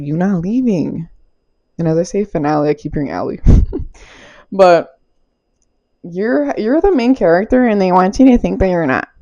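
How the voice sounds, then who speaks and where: A woman's voice: lowish voice, warm tone. A young woman giving a casual spiritual tarot reading, loose and playful, swearing, using slang and laughing often. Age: young adult. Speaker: tarot reader.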